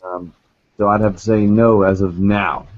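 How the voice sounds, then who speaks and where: A man co-hosting a casual movie talk show, relaxed and laughing as he recalls scenes. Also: on the low side, moderate pace, no room sound, lo-fi sound. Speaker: podcast co-host.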